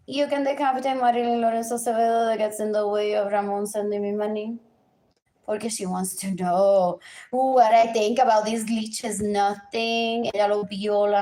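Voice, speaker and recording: This medium-pitched, dark-toned female voice belongs to a livestreamer delivering an unscripted rant. Agitated, she chants lists over and over and flips from English to Spanish partway through sentences.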